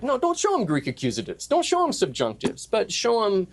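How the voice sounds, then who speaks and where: This middle-aged man's voice is very high-pitched and sing-song, moving a little fast with hardly any pauses. He's leading a lively conference-classroom session on Latin poetry, cracking jokes with the audience and chanting the metrical beats out loud.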